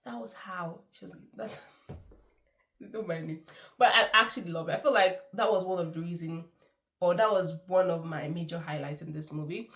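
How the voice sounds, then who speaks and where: A woman's voice: fairly low pitch, normal speed. A woman giving a chatty, effusive film review, laughing often. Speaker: movie reviewer. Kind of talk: casual movie review.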